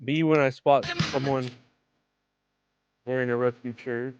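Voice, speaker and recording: A man's voice: medium pitch, fairly even intonation, unhurried, a little mellow, clear, resonant tone, muffled recording. A man co-hosting a podcast in casual chat, joking and laughing often. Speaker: podcast co-host.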